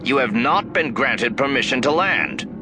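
A man's voice: medium pitch, lively intonation, unhurried, over music, voice pushed up, lightly acted. A man reading an audiobook, voicing a curt, officious male patrol controller giving orders over an intercom. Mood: stern. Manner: clipped, commanding. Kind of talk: audiobook narration.

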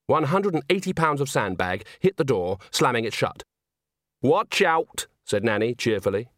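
Male narrator, expressive comic storytelling, middle pitch, dry studio feel. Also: brisk, no echo. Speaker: audiobook narrator. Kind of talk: scripted narration.

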